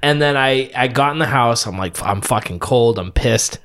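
A man's voice: mid-range voice, normal speed, a bit bright. A man co-hosting a podcast, griping and swearing in casual chat, laughing at himself. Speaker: podcast co-host.

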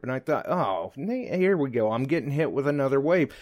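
A man hosting a live radio show, chatting excitably with big pitch jumps and quick asides. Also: no room sound, studio quality.

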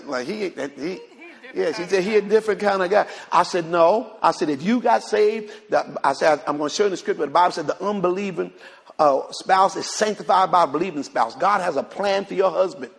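A male pastor preaches to his congregation in a church sanctuary, retelling a conversation and repeating words as part of his sermon storytelling. His high voice is fairly quick, creaky and breathy-edged, with a big-room sound.

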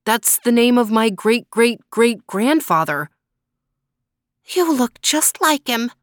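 A woman voicing a very old, toothless woman who lives in the woods, with a raspy, higher voice. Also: big pitch swings, takes it slowly, no echo, studio quality. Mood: wistful.

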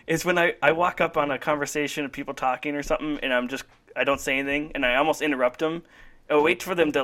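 A man co-hosting a casual chat, animated and quick to laugh while reciting movie lines. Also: a little high. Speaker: podcast co-host.

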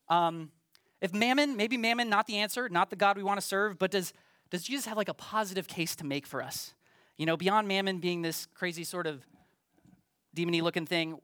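A man gives a sermon in a loose, conversational manner, stumbling and restarting as he thinks aloud and poking fun at himself. His voice sits a little high for a man. The sound is close and dry, with little room in it. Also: a little fast, sharp tone, no echo. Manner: conversational, self-deprecating, with frequent ums and restarts. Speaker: pastor.

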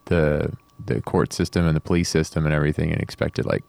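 Deep, resonant male host, relaxed interview tone, dry room. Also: fast, gravelly, no room sound. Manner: conversational, recapping with hesitations. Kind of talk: casual interview.

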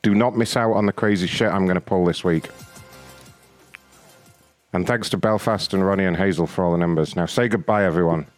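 A man's voice: low voice, a little fast, pauses often, no room sound, soft background music. A man hosting a live comedy show, bantering with his co-hosts in an exasperated, joking way. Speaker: host.

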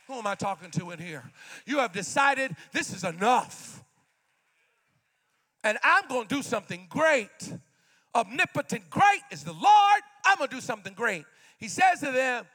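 A young man in his twenties preaching a sermon with fervor, repeating refrains and often shouting out lines. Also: very high voice, very animated, normal speed.

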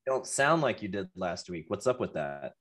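A man's voice: low-pitched, sing-song, normal speed, fairly bright tone. A man co-hosting a casual podcast chat, teasing his co-host in playful banter.

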